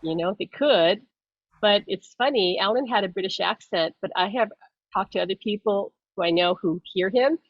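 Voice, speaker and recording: A woman's voice: mid-range voice, normal speed, no room sound. A woman psychic medium talks through her ideas in a loose, rambling way. She trips over restarts and laughs as she goes. The audio is dull and lo-fi, with a dry, close sound. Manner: rambling, self-interrupting, laughs often. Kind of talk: casual explanatory chat.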